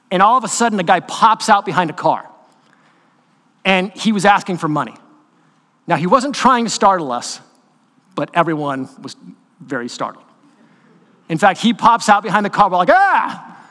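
A man preaching a sermon as pastor, talking in a conversational, animated way with quick asides to the congregation. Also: high-pitched. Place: church sanctuary. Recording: long hall reverb in a church.

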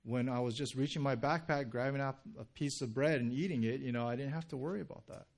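A male pastor giving a sermon in a relaxed, conversational way, often checking in with "right?" and telling stories with acted quotes. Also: mid-range voice, fast, vocal fry. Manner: conversational, frequent "right?" and "like" asides.

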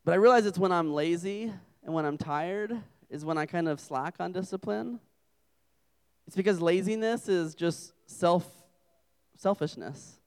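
Joking young preacher, smooth resonant voice. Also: male voice, high-pitched, measured pace. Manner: joking, self-deprecating storyteller. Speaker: campus ministry preacher. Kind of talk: humorous sermon.

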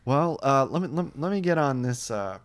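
A man's voice: mid-range voice, lively intonation, normal speed. A man hosting a casual podcast, upbeat and chatty, rambling with fillers and frequent laughs. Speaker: podcast host.

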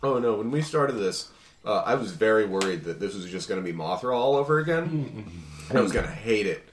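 Low-voiced man in an echoey room. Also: lively intonation, fairly quick. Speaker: podcast co-host. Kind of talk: casual chat.

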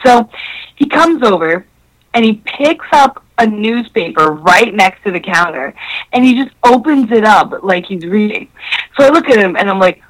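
A young woman telling a story in casual chat, animated and swearing, acting out the voices in her quotes. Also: mid-range voice, moderate pace, low-quality recording.

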